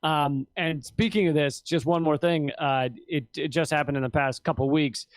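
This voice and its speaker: A man in casual political talk, rambling and animated, swearing now and then. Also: normal speed, no echo. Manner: rambling, animated, swears, mimics officials in a high voice.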